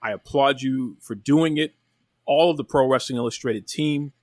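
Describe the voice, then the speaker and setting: Hyped-up guy hosting a wrestling show, mid pitch, dry sound, keeps saying the same thing twice. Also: normal speed, a little mellow, no echo. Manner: enthusiastic, repeats phrases. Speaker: podcast host. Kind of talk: casual wrestling chat.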